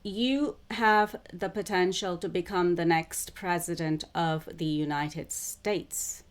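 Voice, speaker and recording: A woman talking to camera as a self-described psychic channeler. Her voice sits on the low side, and she speaks very slowly and deliberately, repeating phrases as she goes. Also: fairly even intonation. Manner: slow, repetitive, deliberate phrasing. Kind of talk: spiritual monologue to camera.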